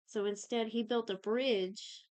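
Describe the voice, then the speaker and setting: A woman's voice: on the high side, fairly even intonation, a little mellow, clear, resonant tone, dry recording. A young woman podcast co-host casually recapping a TV series, rambling and swearing, often acting out characters' lines. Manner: rambling, profane, quotes characters in quick asides. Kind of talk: casual chat.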